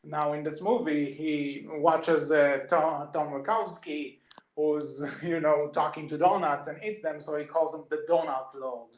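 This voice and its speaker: A man with a fairly high voice co-hosts a casual podcast and talks through film scenes with eager detail. His voice bounces around a roomy, echoey space. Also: fairly even intonation, unhurried. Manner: eager, retells scenes at length. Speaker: podcast co-host.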